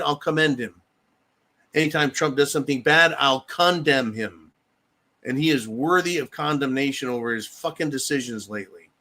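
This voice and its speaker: A man's voice: on the high side, a bit bright. A man hosting a political livestream, ranting angrily and bluntly with lots of profanity. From United States. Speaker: political commentary host reading viewer comments.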